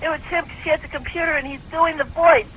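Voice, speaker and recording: A man's voice: extremely high pitch, fairly even intonation, fast. A man voicing a whiny little boy who bickers and stammers defensively on a phone call. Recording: tinny phone line, faint hiss.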